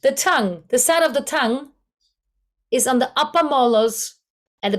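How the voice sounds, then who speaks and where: Here a female voice coach with a German accent runs a voice workshop. She hunts for the right English words and shows vocal exercises, speaking high-pitched at a moderate tempo.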